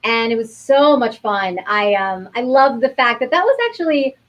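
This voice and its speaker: A woman's voice: a little high, lively intonation, normal speed, highs cut off. Chatty, upbeat woman guest. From New York. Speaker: actress, guest. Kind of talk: casual interview talk.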